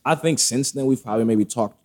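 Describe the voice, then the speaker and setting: A man's voice: mid-range voice, a little fast. Candid man telling a wild story. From Brooklyn, New York family roots. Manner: candid, animated storytelling with quoted dialogue and profanity. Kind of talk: casual storytelling chat.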